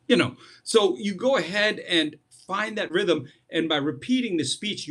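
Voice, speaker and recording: A man's voice: on the high side, fairly bright tone. A middle-aged man, a speech coach, giving tips as a guest in a playful, joking, demonstrative way.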